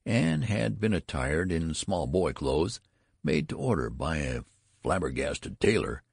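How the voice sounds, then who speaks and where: Deep, gravelly male narrator, wry and measured. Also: big pitch swings, dry recording, studio quality. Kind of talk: storybook narration.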